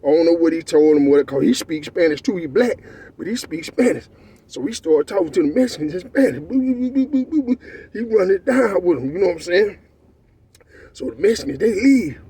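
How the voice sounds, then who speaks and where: A Texan man with a high, husky voice tells a story in loose, animated street slang. His tone is mellow rather than sharp, and he keeps checking in with his listener. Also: a little fast. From Texas. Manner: animated, profane street slang, repeats "you know what I'm saying". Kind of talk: casual storytelling.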